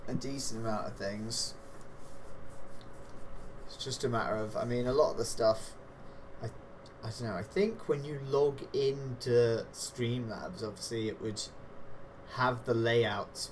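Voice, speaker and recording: Game master, male, chatty and joking, noisy home-stream audio. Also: medium pitch. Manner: rambling, chatty, laughs at his own jokes. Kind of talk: running a tabletop game on a livestream. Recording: noisy background hiss.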